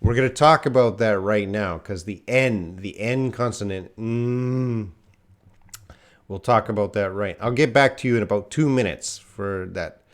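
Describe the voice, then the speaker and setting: A man's voice: lowish voice, a little slow. A man teaching English pronunciation in a live online class, drilling consonant sounds, asking viewers to repeat after him and reading names from the chat.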